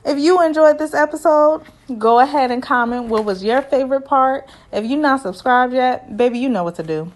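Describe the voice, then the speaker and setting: A woman with a somewhat high voice, talking in a chatty, sassy way. She teases and jokes as she recaps, with an animated, playful delivery. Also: normal speed. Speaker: reality TV recap YouTuber.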